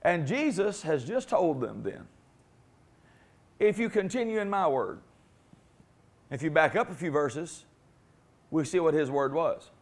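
High-voiced, emphatic male preacher. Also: sing-song, unhurried, pauses often. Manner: emphatic, repeats phrases, calls for congregation response. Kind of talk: sermon.

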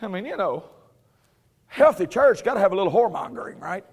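Male preacher, high-pitched, conversational Bible teaching, frequent chuckles, sarcastic humor with firm emphasis. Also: very animated, a little fast, gravelly, a crowd in the background.

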